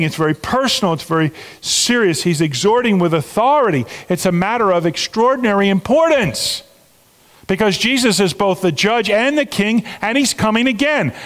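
A middle-aged man gives a sermon in a fairly high voice. He speaks earnestly, almost conversationally, and leans hard on key words as he turns to the congregation. His voice trails off in the long reverb of a large hall. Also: a bit bright. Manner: earnest, conversational preaching with emphatic stresses and asides to the congregation. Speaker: pastor.

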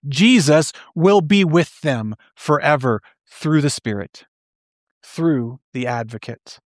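A man's voice: on the high side, expressive, no room sound. Earnest male preacher, dry close sound. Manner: earnest, questioning, explains slowly with restarts. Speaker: pastor. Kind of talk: sermon.

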